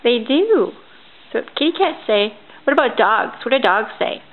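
A woman's voice: a little high, very animated, normal speed. An older woman, a grandmother, playfully reading a picture book to a small child in a coaxing, sing-song way. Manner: coaxing, sing-song, with frequent gasps and soft shushing. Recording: tinny lo-fi home camera audio with faint hiss.

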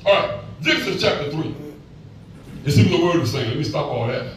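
A man's voice: on the high side, lively intonation, fairly quick, slight background noise. A man in his sixties preaching a sermon as pastor, folksy and calling out to the congregation. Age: 60s. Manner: folksy, call-and-response preaching. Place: church. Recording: echoey church from far off with music.

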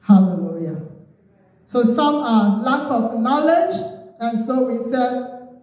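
A Ghanaian woman preaches in a high voice. She stirs her listeners and leans on Amens and Hallelujahs. Her voice rings through a very echoey hall and sounds as if it comes from some way off the mic. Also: measured pace, dark tone. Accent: Ghanaian English. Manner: exhorting, call-and-response with Amens and Hallelujahs. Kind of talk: sermon. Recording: very echoey room, voice from far off.

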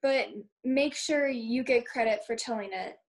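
Teen girl doing prim careful young sister, high and slow, music in back. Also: lightly acted. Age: teens. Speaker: student actor.

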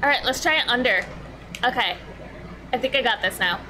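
A woman live-streaming a video game, excitable and often swearing as she talks to the game, with game music playing behind her. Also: a little high, fairly quick, slight background noise.

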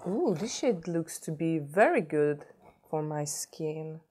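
Low-voiced excitable woman with a cold. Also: slow, slightly rough. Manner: gushing, excitable, repeats herself. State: has a cold. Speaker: beauty vlogger. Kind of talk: unboxing chat.

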